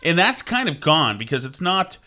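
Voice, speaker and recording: A middle-aged man talks in a loose, rambling chat, circling back on himself with restarts and asides. His voice sits a touch high for a man and rings bright and forward. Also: big pitch swings, normal speed. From Vermont. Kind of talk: casual chat.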